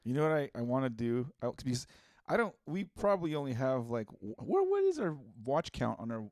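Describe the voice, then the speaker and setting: A man's voice: medium pitch, wildly swooping pitch, a little fast, a little mellow, no room sound. A man co-hosting a podcast in casual chat, rambling through stories, swearing and laughing often. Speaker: podcast co-host.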